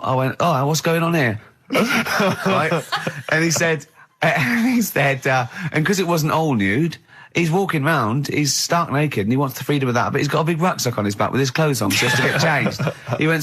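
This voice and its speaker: A man's voice: a little high, normal speed. Man, chatty radio host. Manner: storytelling, imitates a friend's flat quotes, laughs often. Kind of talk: casual radio banter. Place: radio studio.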